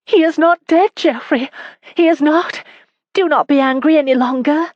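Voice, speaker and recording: A woman voicing a tearful but defiant young noblewoman who speaks in high, sobbing pleas. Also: normal speed, no echo, dull audio, close to an everyday voice. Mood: pleading.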